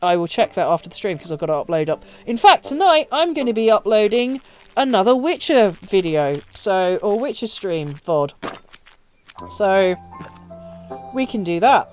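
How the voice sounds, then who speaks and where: Lively chatty woman streamer. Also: medium pitch, moderate pace, faint music behind. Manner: chatty, swears freely, laughs often, answers chat. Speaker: game streamer. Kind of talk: casual live-stream chat while playing.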